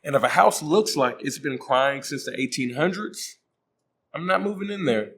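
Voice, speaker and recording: A man's voice: fairly high pitch, expressive, normal speed, a bit bright, a little hiss or hum. A man hosting a comedic movie recap, joking in slang and acting out the characters' voices. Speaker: host.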